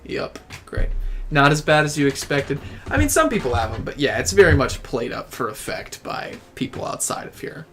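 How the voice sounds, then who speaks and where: A man's voice: a little high, huge pitch swings, a bit bright. Chatty Southern-accented man streaming a game. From Tennessee, USA. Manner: rambling, chatty, quick to joke with co-players. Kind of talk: casual live gameplay stream chat.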